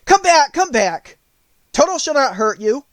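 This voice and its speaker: A man voicing a gentle, courteous male tin woodman who speaks politely and reassuringly in an audiobook. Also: on the high side, big pitch swings, moderate pace, no room sound. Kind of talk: audiobook character voice.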